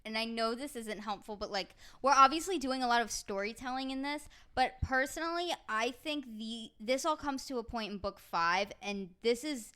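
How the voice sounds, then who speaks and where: Young woman cohost, slightly high voice, dry little asides in casual book talk. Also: normal speed, few pauses, bright, forceful tone, clear, resonant tone. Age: young adult. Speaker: podcast co-host.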